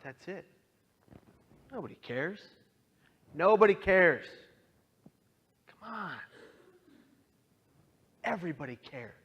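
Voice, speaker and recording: A man's voice: fairly high pitch, a bit bright, dull audio. Earnest man telling a personal story. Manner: earnest, emotional storytelling with acted quotes. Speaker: speaker. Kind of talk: personal testimony talk.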